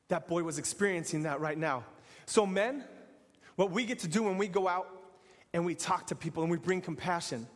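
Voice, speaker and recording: High-voiced man preaching in a reverberant hall. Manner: earnest, repetitive, building to exhortation. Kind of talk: sermon.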